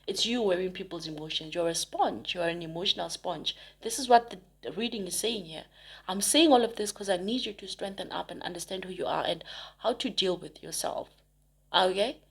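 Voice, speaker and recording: A woman's voice: fairly low pitch, a little fast, creaky, fairly bright tone. Chatty woman giving a tarot reading. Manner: chatty and emphatic, rambling with frequent restarts. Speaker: tarot reader. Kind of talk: casual spoken tarot reading to viewers.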